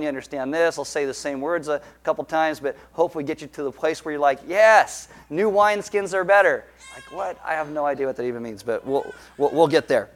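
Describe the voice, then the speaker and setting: Pastor, male, slightly high voice, playful and animated in the pulpit. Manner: jokey, animated storytelling with quick asides. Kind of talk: sermon.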